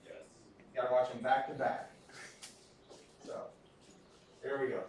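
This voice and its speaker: A man's voice: medium pitch, flat delivery, slow pace, a little mellow, recorded from a distance, slight background noise. Guy teaching a class, loose and joking on himself, super echoey room, mic way off. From Texas. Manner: casual, self-deprecating, chatty. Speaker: instructor. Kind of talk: classroom lecture with storytelling.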